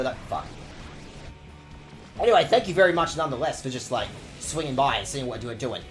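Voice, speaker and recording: A man's voice: a little high, very animated, a little fast, faint music behind. A man streaming a game with sweary, jokey commentary. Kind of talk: casual gaming commentary.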